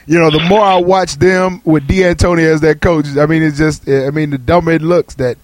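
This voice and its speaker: High-voiced man hosting sports talk. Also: fairly even intonation, moderate pace, noisy background. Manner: laughs often, loose and chatty. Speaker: radio show host.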